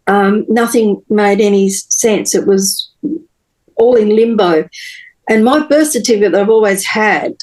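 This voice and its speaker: A woman, a podcast guest telling her personal story in an earnest, halting way with many pauses and restarts. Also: mid-range voice, a little mellow, rough recording.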